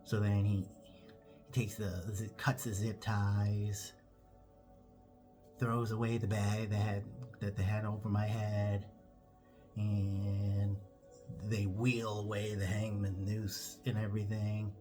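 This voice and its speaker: Male comedian, deep voice, lively storyteller who plays all the parts, faint music. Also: slow, long pauses. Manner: animated, acts out every character. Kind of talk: comic storytelling.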